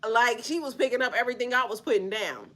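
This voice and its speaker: Bright-voiced woman, laughing, blunt. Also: on the high side, expressive, quick pace. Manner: laughs often, blunt and profane; slangy, repetitive, talks to chat. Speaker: spiritual reader. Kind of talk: casual livestream chat.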